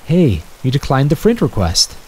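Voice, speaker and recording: A man's voice: mid-range voice, huge pitch swings, moderate pace, a little mellow, husky, voice pushed up. Teasing young girlfriend, as a man puts her on.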